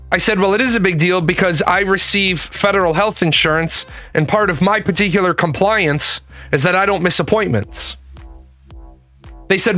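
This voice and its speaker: Man, high-pitched, bright tone, swearing rant, soft music behind. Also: moderate pace. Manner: exasperated, swears a lot, acts out phone calls. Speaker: podcast host. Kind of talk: profane storytelling rant.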